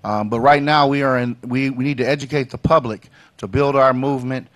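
A man with a middle-pitched voice makes an earnest case on a talk show. He stumbles and repeats words as he pushes his point forward, sounding like a working politician. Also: steady tone, fairly quick. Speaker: state representative.

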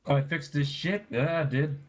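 A man's voice: a little high, a little slow. A man in a group voice chat, playing mock-offended and firing banter back at a friend. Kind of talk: casual gaming banter.

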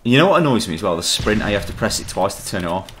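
A man's voice: on the low side, big pitch swings, very fast, a bit bright, slight background noise. A young man giving sweary, grumbling commentary over his own gameplay. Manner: grumbling, swearing, laughing at the game. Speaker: gaming channel host.

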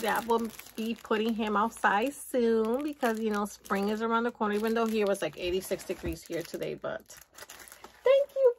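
A woman vlogger opens happy mail from a friend, chatting casually with viewers and gushing and giggling over each gift. Her voice is on the high side, with a little hiss or hum in the recording.

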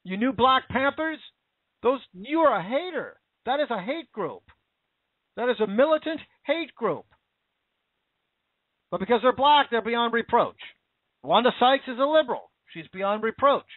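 A man's voice: extremely high pitch, lively intonation, measured pace, long pauses, no room sound. An American man giving an indignant, repetitive political opinion rant. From United States. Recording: dry, phone-like narrow audio.

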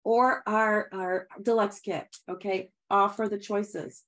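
A middle-aged woman coaching a sales team in an upbeat, chatty way. She is encouraging, laughs easily and keeps calling her listeners guys. Her voice sits at an ordinary middle pitch for a woman. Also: steady tone, takes it slowly, hardly any pauses, fairly bright tone. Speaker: direct sales trainer. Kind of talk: upbeat sales training talk.

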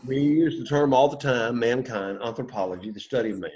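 A man of medium pitch and slightly mellow tone, speaking a little fast, teaches Greek by patiently having students repeat after him. The call-and-response lesson comes through a dull, lo-fi classroom recording.

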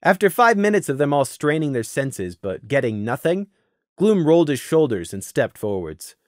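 A man narrating a story in a lively, expressive reading voice. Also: a little high, normal speed, no room sound, studio quality. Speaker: audiobook narrator.

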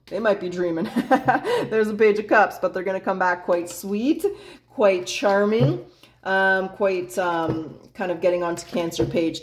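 A woman's voice: on the low side, slight background noise. Chatty, blunt woman reading tarot cards. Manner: chatty, blunt, swears freely, laughs often. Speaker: tarot reader.

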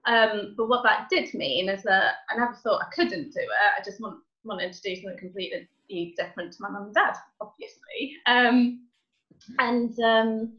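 A woman guest on a video call, speaking thoughtfully with hesitant pauses. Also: on the high side, pushed and bright. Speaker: guest, broadcast engineer. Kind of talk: casual interview chat. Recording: dull lo-fi sound.

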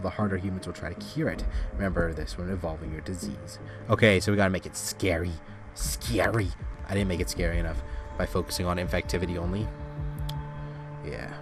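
A man hosting a gaming channel, giving rambling casual commentary with sudden excited outbursts at the game. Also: low-pitched.

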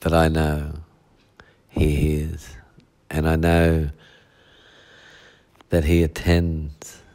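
A man preaches a midweek sermon in a very deep voice. He takes his time, leaning on repetition and rhetorical asides as he works through his points. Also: monotone, slow, darkish tone, clear, resonant tone. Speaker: pastor.

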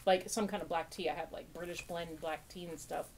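A woman's voice: fairly low pitch, steady tone, a little fast, a little mellow, a little hiss or hum. A woman hosting a casual podcast, chatting as she opens mail, gushing, laughing often and joking sarcastically about herself. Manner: self-mocking and sarcastic. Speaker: podcast host. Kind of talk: casual unboxing chat.

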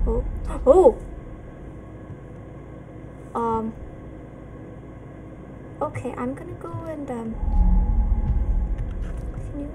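A woman's voice: on the high side, slow pace, long pauses, heavy background noise. A woman hosting a horror game let's play, nervous and hesitant, with many ums and pleading asides. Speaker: gaming channel host.

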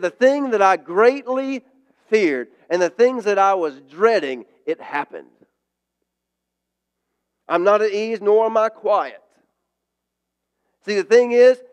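A male pastor delivers a sermon to a congregation. His voice sits high for a man, and his talk is casual and conversational. He drives his points home by repeating short phrases. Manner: conversational preaching with emphatic repetition.

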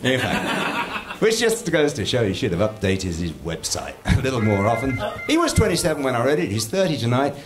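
A man's voice: medium pitch, wildly swooping pitch, a little fast. A man compering at a comedy club, introducing the next act with a dry delivery. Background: music.

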